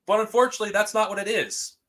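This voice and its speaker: Indignant man streamer, high and bright tone, defensive rants. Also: rapid-fire. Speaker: streamer reacting to a stream about himself. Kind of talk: angry reaction commentary.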